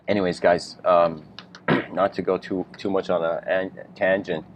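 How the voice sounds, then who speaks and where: A man giving a casual, rambling spiritual lecture, clearing his throat often and laughing between thoughts. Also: low voice, lo-fi sound, a little hiss or hum.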